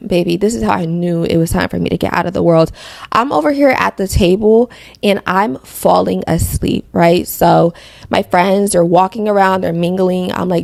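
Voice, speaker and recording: A woman's voice: medium pitch, creaky, a little mellow, no echo. A young woman from Connecticut hosting a faith podcast, telling her testimony in a chatty way with lots of fillers. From Connecticut, USA. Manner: chatty storytelling with many fillers. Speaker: podcast host.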